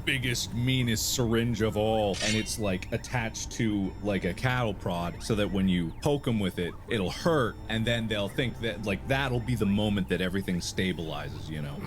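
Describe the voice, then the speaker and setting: A man co-hosting a comedy podcast, rambling through an absurd deadpan story and jumping into high acted quotes. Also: normal speed, few pauses, background noise. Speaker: podcast co-host.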